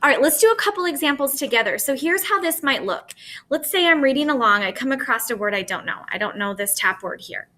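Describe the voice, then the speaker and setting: Bright-voiced woman teaching phonics. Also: sits high, animated, quick pace. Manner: patient, explaining step by step with frequent "okay?". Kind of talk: recorded classroom lesson.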